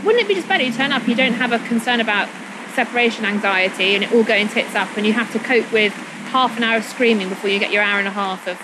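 Fast-talking, rambling woman. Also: on the high side, noisy background. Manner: quick, rambling, laughs often. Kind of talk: casual chat.

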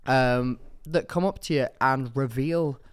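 Animated young man, smooth clear voice. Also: medium pitch, a little slow. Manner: animated, camp storytelling with rising impressions. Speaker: podcast co-host. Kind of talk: casual chat.

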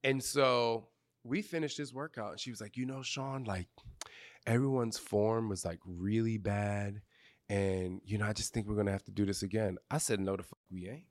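A man answering questions in front of a group, telling candid stories in animated, slangy speech with cursing and acted-out quotes. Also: lowish voice, normal speed. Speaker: fitness trainer interviewee. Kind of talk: candid storytelling Q&A before a live group. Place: outdoor retreat gathering.

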